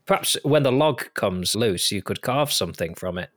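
A man's voice: fairly low pitch, animated, moderate pace, fairly bright tone, no room sound. A man hosting a podcast, chatting casually with dry, wry jokes. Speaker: podcast host. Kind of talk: casual chat.

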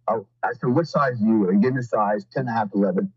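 Husky-voiced man, blunt and rambling. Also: lowish voice, fast talker, dry recording, highs cut off. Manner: blunt and profane, rambling with many fillers. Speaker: podcast guest. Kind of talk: casual storytelling.

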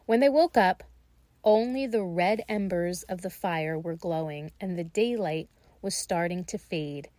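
A woman reading a fairy tale aloud in a slow, gentle and expressive way. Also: on the low side, no room sound. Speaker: storyteller.

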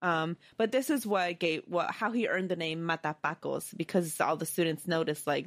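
Low-voiced woman telling a story casually. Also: normal speed, hardly any pauses, no room sound. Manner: chatty, giggly, many ums and likes. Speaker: podcast co-host telling the story.

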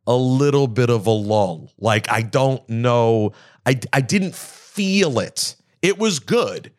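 Man, podcast co-host, casual chat, thinks aloud, frequent restarts. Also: mid-range voice.

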